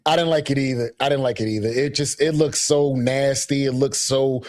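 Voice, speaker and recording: Male co-host, live recap stream; relaxed street slang, reads chat out loud. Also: medium pitch, a little fast. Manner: laid-back, slangy, reads viewer chats aloud.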